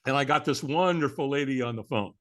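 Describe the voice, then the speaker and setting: A man's voice: mid-range voice, quick pace, a bit bright. A man telling a personal story as an interview guest, in a candid, earnest way, often adding "man".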